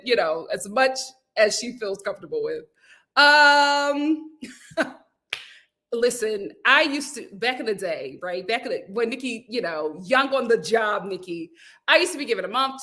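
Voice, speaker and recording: A woman's voice: on the high side, bright, forceful tone. A woman hosting a casual live stream, reading viewer comments aloud and telling a story in a chatty way. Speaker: YouTube host.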